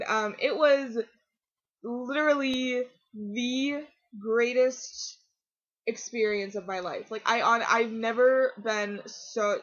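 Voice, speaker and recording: Excitable teen girl vlogging, lo-fi sound. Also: a little high. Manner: rambling, excitable, many fillers and restarts. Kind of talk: casual chat to camera. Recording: dull lo-fi webcam audio.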